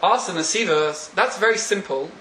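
Guy teaching talmud class, high voice, keeps asking the students stuff, roomy echo. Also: normal speed, pushed and bright, a little hiss or hum. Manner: questions the class often, laughing as he explains. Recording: echoey room.

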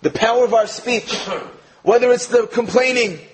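An American man giving a sermon-style Torah talk, telling a joke with animated quoted lines before turning to his lesson. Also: very high voice, normal speed, low-quality recording. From United States. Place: speaking in England.

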